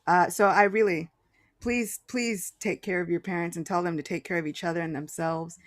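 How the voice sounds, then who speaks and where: Woman podcast guest, animated and laughing, casual devotional talk. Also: lowish voice, moderate pace. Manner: animated, laughs often, restarts phrases. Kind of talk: casual spiritual chat.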